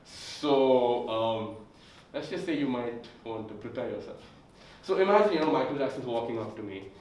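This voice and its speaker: Casting: sick young male comic, rambling stand-up, lively pitch, distant echoey room. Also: moderate pace, a little hiss or hum. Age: young adult. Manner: rambling, filler-heavy delivery. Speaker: comedian. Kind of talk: stand-up comedy. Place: comedy club stage, indoors. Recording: echoey room heard from far off.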